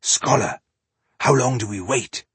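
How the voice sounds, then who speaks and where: A man voicing a restless, gruff male dwarf warrior waiting for a fight. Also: medium pitch, a little slow, a bit bright, no room sound. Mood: impatient.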